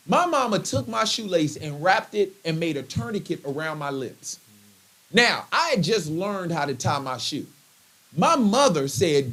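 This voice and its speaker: Lively male comedian telling a story. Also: sits high, a little slow. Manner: animated, laughs often while telling stories. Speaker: comedian guest. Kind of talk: comic storytelling in conversation.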